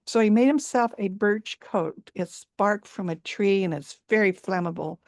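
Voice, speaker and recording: A woman's voice: mid-range voice, moderate pace, darkish tone, dry recording, clean studio sound. A woman storyteller telling a folk tale live over a video call, repeating words for emphasis and dwelling on sensory detail.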